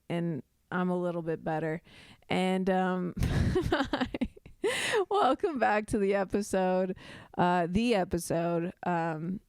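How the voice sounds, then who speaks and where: A woman's voice: fairly low pitch, darkish tone, clean tone, no room sound, clean studio sound. A young adult woman hosting a casual comedy podcast, rambling, giggling and mocking herself as she talks. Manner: giggly, self-deprecating, rambling with restarts. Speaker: podcast host.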